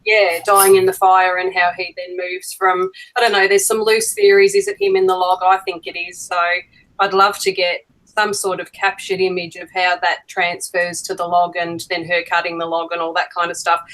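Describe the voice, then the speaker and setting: A woman's voice: fairly low pitch, steady tone, moderate pace, a bit bright, rough recording. A woman with an Australian accent chatting easily on a video call and explaining how she makes things, laughing often. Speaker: fan puppet maker on a live video call. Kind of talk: casual chat.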